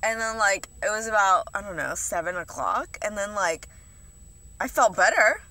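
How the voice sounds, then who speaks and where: A young woman talks straight to the camera in a loose, confessional vlog. Her voice is bright and forward. She rambles, swears freely and fills almost every sentence with "like" and "you know". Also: mid-range voice, animated, normal speed. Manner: rambling, heavy swearing, many fillers. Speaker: vlogger.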